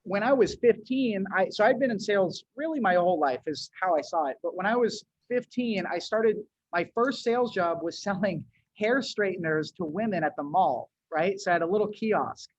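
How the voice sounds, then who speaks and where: A man's voice: high voice, lively intonation, moderate pace, dry recording. A man from New England talking casually as a podcast guest, loose and slangy, calling people "dude" and restarting sentences. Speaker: podcast guest, agency owner. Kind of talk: casual interview chat. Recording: dull, dry lo-fi audio.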